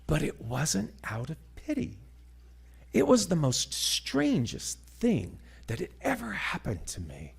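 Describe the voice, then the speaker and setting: A middle-aged man giving a sermon-style talk, telling a story dramatically and moving between loud passages and hushed ones. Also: on the high side, wildly swooping pitch, slow, creaky, breathy edge. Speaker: guest speaker.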